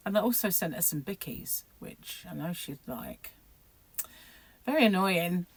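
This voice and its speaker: A woman's voice: lowish voice, lively intonation, measured pace, husky, no room sound. A middle-aged woman vlogging about crochet in a rambling, chatty way, laughing often. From United Kingdom. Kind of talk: casual chat to camera.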